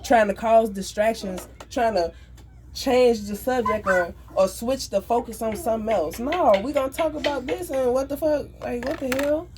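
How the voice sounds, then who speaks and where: A woman venting in an angry, profane, rapid rant. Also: on the high side, background noise. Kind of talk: emotional venting monologue.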